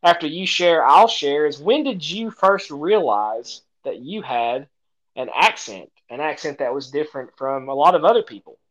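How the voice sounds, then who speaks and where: A man's voice: fairly high pitch, expressive, normal speed, a bit bright, lo-fi sound. A man with an Appalachian twang, co-hosting a podcast in casual chat, chatty, often laughing, with hesitant fillers. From Appalachia, Tennessee-Virginia border. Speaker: podcast co-host.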